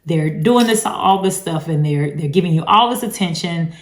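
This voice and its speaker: A woman's voice: on the low side, lively intonation, moderate pace. A woman hosting a casual advice talk, speaking emphatically and chattily with many asides. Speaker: host talking about narcissistic abuse. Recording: roomy echo.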